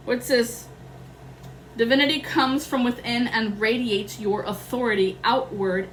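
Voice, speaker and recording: A woman's voice: on the high side, expressive, takes it slowly, a bit bright, slight background noise, low-quality recording. A young adult woman doing a casual tarot reading, rambling and slangy, swearing freely. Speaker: tarot reader.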